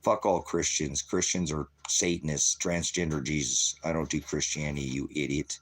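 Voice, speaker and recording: A man's voice: extremely low pitch, fairly even intonation, moderate pace. A middle-aged man hosting his own channel, delivering a profane, combative, rambling rant at his viewers. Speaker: channel host. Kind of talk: ranting monologue to viewers.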